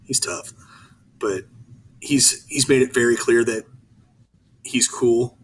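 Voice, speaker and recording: A man co-hosting a podcast, rambling in casual chat with many halting restarts. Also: mid-range voice, breathy edge, rough recording. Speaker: podcast co-host.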